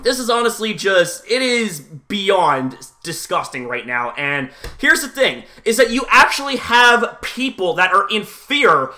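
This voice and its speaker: A man's voice: high-pitched, big pitch swings, unhurried, hardly any pauses, sharp tone. A young man, a YouTuber, ranting angrily to his viewers, swearing often and repeating himself with lots of "like" and "you know". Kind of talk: angry vlog rant.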